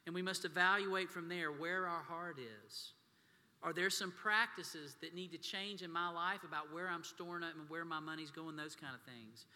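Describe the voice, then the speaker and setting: A pastor preaches a sermon in a voice on the high side, bright and forceful, at normal speed. He tells folksy stories and addresses the congregation as "y'all," with a long hall reverb around him.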